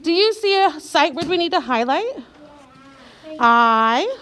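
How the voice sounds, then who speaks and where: A woman teacher leading a young child through a reading lesson, slow and clear, sounding out letters and encouraging. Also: extremely high pitch, animated.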